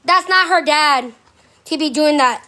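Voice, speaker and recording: A woman's voice: high voice, measured pace, pushed and bright. A woman livestreaming a defensive, profane rant at her commenters, firing rhetorical questions and barking commands at her dog.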